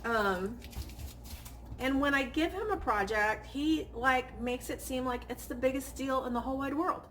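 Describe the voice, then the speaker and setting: Chatty but stressed, a woman who vlogs and does crafts vents casually, acting out quoted back-and-forths punctuated by small laughs. Her voice sits high and a bit bright at a measured pace, over slight background noise.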